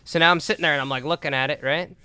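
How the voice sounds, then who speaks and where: A young man co-hosting a podcast, telling a story in a lively, casual way with lots of swearing and filler words. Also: fairly high pitch, racing, clear, resonant tone, no room sound. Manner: animated, swears a lot, says "like" and "dude". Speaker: podcast co-host.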